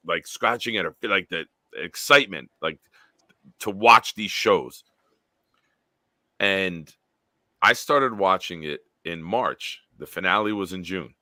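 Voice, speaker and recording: A man hosting a casual livestream chat, an animated storyteller who swears casually. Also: low voice, dry recording. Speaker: host.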